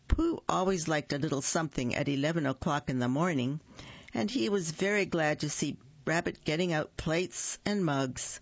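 A woman reading a children's story aloud on a radio reading program, gentle and unhurried, singing the little hums. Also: low voice, no room sound, highs cut off.

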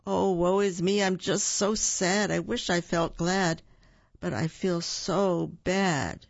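A reader voicing a big, gloomy male bear who moans and sighs slowly in a storybook, with a gravelly edge on a dull, dry recording. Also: mid-range voice, steady tone, dry recording. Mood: sad. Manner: moaning, sighing, slow.

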